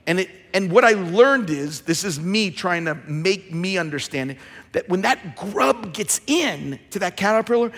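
A man preaching a sermon in a church, repeating phrases and building to shouted emphasis. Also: sits high, expressive, moderate pace, long reverb tail. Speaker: pastor. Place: church sanctuary.

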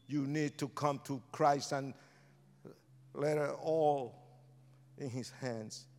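A man's voice: mid-range voice, steady tone, takes it slowly. Impassioned preacher man, echoing hall. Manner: impassioned, swinging from shouts to hushed pleas. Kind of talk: sermon with altar call. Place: large church with a balcony. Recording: long reverb of a large hall.

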